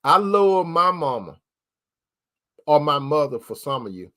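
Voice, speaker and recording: A man with a high voice talks to his viewers like a preacher. He hammers each point home by repeating it, and keeps calling the listeners brother and sister. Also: very animated, unhurried, pushed and bright. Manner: repetitive, emphatic, addresses listeners as brother and sister. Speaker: host giving relationship advice from a Christian view. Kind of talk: preaching-style talk to viewers.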